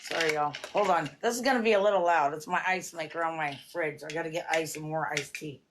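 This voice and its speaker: Low-pitched and brisk, a woman rambles at length on a casual livestream from her home kitchen, repeatedly saying "it's like." Background noise can be heard.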